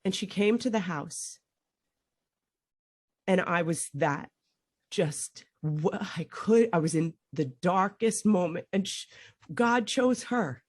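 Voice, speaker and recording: A middle-aged woman hosting a podcast, recorded dry and close with no room sound. She tells a raw personal story, trailing off and restarting, and her voice jumps high whenever she relives the panic. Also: animated, slow, pauses often, dry recording. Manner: rambling, breaks off mid-sentence, voice rises sharply when reliving panic. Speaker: podcast host. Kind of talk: emotional conversational storytelling.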